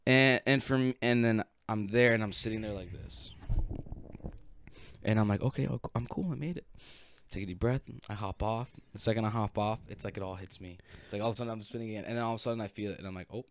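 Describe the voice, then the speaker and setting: A man on a podcast telling a story in casual chat, animated and profane, acting out what people said. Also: fairly low pitch, quick pace, smooth. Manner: animated, profane, acts out quotes.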